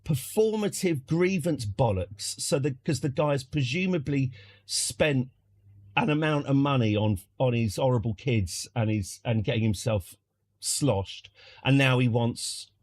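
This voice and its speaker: A man's voice: medium pitch, expressive, unhurried, dry recording. A British man streaming from home, telling a casual story in a rambling, wry way with lots of restarts. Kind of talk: casual anecdote.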